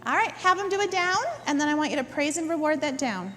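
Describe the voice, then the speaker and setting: Very high-voiced woman dog trainer. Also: expressive, quick pace, sharp tone, long reverb tail, a little hiss or hum. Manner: instructive, repeats words for emphasis, checks in with "okay?". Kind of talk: group class instruction. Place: indoor dog training facility.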